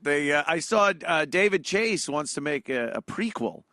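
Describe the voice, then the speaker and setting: A man hosting casual comedy chat, bantering with laughs and loud impressions. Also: on the high side, very animated, normal speed, dry recording, clean studio sound. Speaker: show host.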